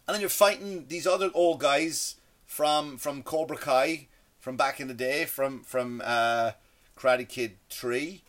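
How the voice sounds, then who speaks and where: A man's voice: mid-range voice, unhurried, fairly bright tone. A man with a non-American accent, seated indoors, rambling through a comedic rant, stammering and restarting often, with a sarcastic, mocking tone. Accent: non-American English.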